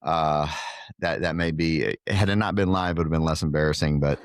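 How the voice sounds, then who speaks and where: A middle-aged man with a very low, deep voice, chatting easily as a podcast guest and poking fun at himself. He grew up in Guatemala. His voice sits close and dry, with no room sound. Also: a little fast, dry recording. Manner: jokey, self-deprecating storyteller. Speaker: podcast guest, pickleball club owner. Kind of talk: casual interview chat.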